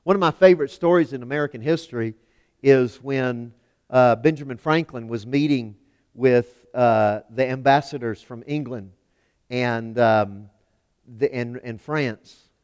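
A man preaching a sermon in a church, emphatic, swinging from loud declarations to hushed lines. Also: mid-range voice, measured pace, smooth. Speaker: pastor. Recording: long hall reverb.

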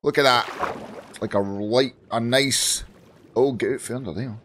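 A Scottish man with a hoarse, groggy voice, chatting casually to viewers while playing Minecraft on his channel. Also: medium pitch, moderate pace, a bit bright, a little hiss or hum. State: hoarse from shouting. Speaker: gaming channel host. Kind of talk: casual Minecraft let's play commentary.

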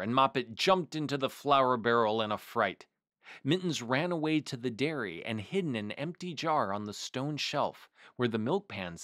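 A man hosting a storytime, reading a picture book aloud in a measured, expressive way. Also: mid-range voice, dry recording, clean studio sound. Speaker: storytime host.

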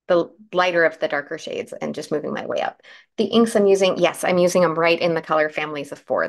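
Female craft host, croaky morning voice, friendly step-by-step live demo. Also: on the low side. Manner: chatty, explains steps while working, answers comments.

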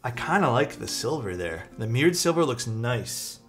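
A man's voice: mid-range voice, big pitch swings, normal speed. A man talking casually on a live stream as he unboxes keyboard parts and thanks his chat. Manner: thanks chat, muses aloud while unboxing. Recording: faint music behind.

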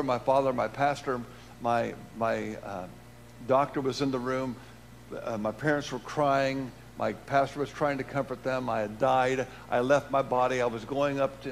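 A man preaching and telling a personal testimony, swinging between loud emphatic lines and hushed low ones. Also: slight background noise. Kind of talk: testimony sermon.

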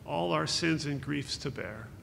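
A man's voice: fairly high pitch, unhurried, gravelly, fairly bright tone. A man giving an earnest, consoling memorial sermon as pastor, quoting scripture. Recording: echoey hall with faint hum.

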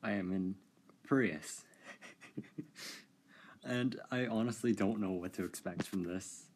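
A man giving casual, amused commentary while playing a racing game, chatty and quick to laugh. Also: on the low side, darkish tone, slightly rough. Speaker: gaming video creator.

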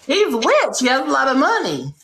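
A woman's voice: high-pitched, huge pitch swings, moderate pace, crowd noise. Blunt Southern woman on a video call. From Louisiana. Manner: blunt, crude, drawling. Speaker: livestream host chatting with strangers. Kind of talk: brash comedic video chat. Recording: echoey room, faint background noise.

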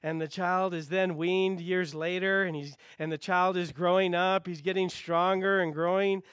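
A man preaching a sermon with a notably high voice, earnest and emphatic, repeating key phrases. Now and then he sinks to a hushed near whisper. The sound is dry and close, with no room echo. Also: steady tone, moderate pace, clean tone. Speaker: pastor.

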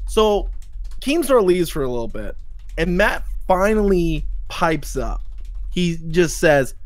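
A man's voice: sits high, very animated, takes it slowly, no room sound. A man hosting a livestream talk show, ranting angrily and cursing as he retells an online drama. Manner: profane, ranting, quotes people in mocking voices. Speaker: podcast host. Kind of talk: heated livestream commentary.

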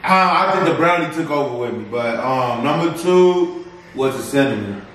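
A man's voice: medium pitch, animated, normal speed, fairly bright tone, distant mic. A young man co-hosting a casual food review, joking and teasing in loose slang. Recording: echoey room, voice from off the mic.

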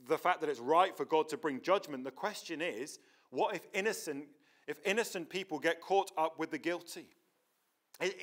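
A man's voice: a little high, fairly bright tone. A man preaching a sermon in a church, earnest and emphatic, often restarting his words.

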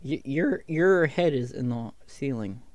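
A man's voice: medium pitch, expressive, measured pace, darkish tone, a little hiss or hum. A man gaming with friends, playing a scolding parent in a joking way, stammering and laughing. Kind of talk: casual gaming banter.

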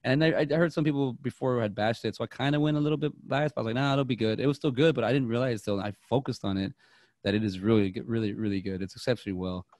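A man talks through a movie on a podcast at a quick clip, his sentences tumbling over one another as he restarts and corrects himself. The sound is close and dry, with no room around it. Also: mid-range voice, no echo. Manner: rambling and excitable, piling up restarts. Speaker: podcast co-host. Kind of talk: casual movie chat.

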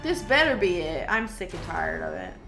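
A woman's voice: mid-range voice, huge pitch swings, moderate pace, a bit bright. Sex: woman. Style: chatty let's-play commentary. Behind: faint game music. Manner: chatty, talks to herself, frequent exclamations. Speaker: gaming video host.

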